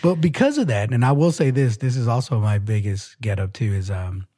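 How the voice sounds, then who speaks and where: A man's voice: medium pitch, animated, a little fast, mellow, faint music behind. A man co-hosting a podcast, chatting casually, rambling through asides and laughing often. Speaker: podcast co-host. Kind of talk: casual chat.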